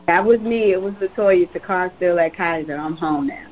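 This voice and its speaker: High-pitched lady chiming in on a group call, cheerful, phone-line sound with a bit of noise. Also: moderate pace. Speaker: Bible study participant. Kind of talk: casual reply on a group call.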